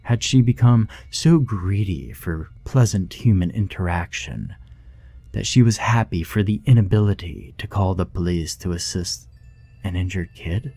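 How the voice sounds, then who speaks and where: A man narrating a horror story in a hushed, measured, scripted manner. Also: deep voice, lively intonation, gravelly, dry recording. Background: faint music.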